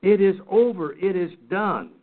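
A man with a high voice teaches a Bible study lesson, pressing his points earnestly and doubling back on his words as he goes. His voice comes through a narrow, phone-like line. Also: expressive, measured pace. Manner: earnest, emphatic, repeats and restarts words.

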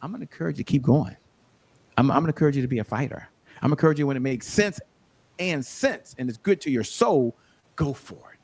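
A man speaking as an interview guest, telling animated stories and giving motivational encouragement in a conversational style. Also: medium pitch, fast, slightly rough. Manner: animated storyteller, preachy encouragement. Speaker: guest, show host and sales coach.

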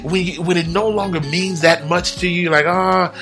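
A man giving a reflective motivational talk on a broadcast, animated and chuckling often as he acts out everyday remarks. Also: a little high, normal speed, soft background music. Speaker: broadcast speaker.

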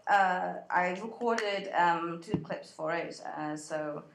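A woman co-hosting a podcast at a convention, telling a story in an animated way and laughing often. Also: fairly low pitch, takes it slowly, creaky, echoey room, noisy background. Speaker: podcast co-host. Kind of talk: casual chat. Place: convention room.

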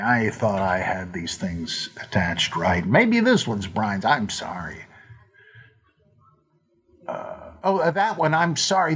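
A man hosting a podcast, talking off the cuff in a slow, rambling way, full of fillers and restarts, now and then acting out quoted lines in playful voices. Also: medium pitch, husky. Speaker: podcast host answering listener questions. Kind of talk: unscripted monologue.

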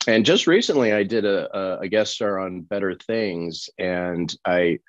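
A man from Colorado, an actor guest telling lively anecdotes in a casual interview, acting out other people's lines. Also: deep voice, measured pace, no echo, highs cut off. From Colorado, USA.

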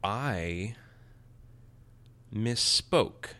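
A man hosting a podcast, reviewing a comic in a playful, excitable casual way. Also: low voice, measured pace. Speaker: podcast host.

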